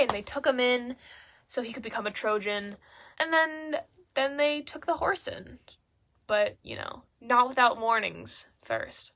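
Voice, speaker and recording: A woman's voice: fairly high pitch, unhurried, a bit bright. Chatty teenage girl retelling a myth. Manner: chatty and irreverent, heavy with filler words and asides. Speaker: student presenting a school project. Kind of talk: casual spoken recap in slangy storytelling. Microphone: phone.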